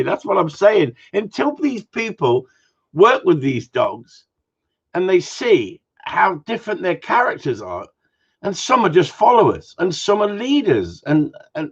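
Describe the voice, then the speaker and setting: An Englishman runs a casual live Q&A for dog owners, blunt and jokey and quick to swear. His voice is husky, and his pitch rises and falls a great deal. The stream audio is dull and lo-fi. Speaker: dog trainer hosting a live Q&A. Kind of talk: casual chat answering viewer comments.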